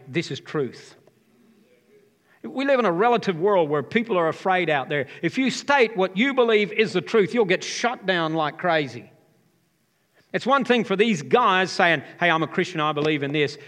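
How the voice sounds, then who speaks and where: A man's voice: high voice, a bit bright. A man in his fifties, a pastor, preaching a sermon and joking with the congregation. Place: church hall. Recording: live hall reverb.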